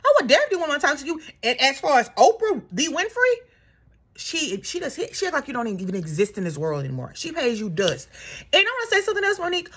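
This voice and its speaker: A woman's voice: high-pitched, fairly bright tone. A woman in her thirties giving a sassy, exasperated opinion rant straight to her viewers. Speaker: commentary vlogger.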